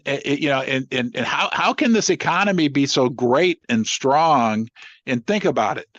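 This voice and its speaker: A middle-aged man hosting a casual interview, joking and teasing his guest and asking animated questions. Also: mid-range voice, no room sound, muffled recording. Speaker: host.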